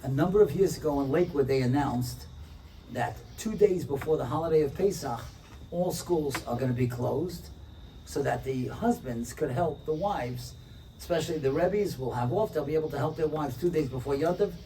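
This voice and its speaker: In this clip a speaker, a rabbi, narrates a story during an inspirational talk and slips into a different voice for every character. The pace is normal and his delivery animated; his tone is mellow and a touch high, captured from afar with light background hum.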